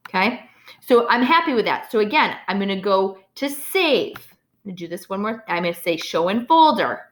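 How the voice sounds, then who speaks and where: A woman's voice: medium pitch, expressive, moderate pace, fairly bright tone. A woman teacher explaining a computer task step by step, often checking in with "okay?". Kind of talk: screen-recorded software tutorial.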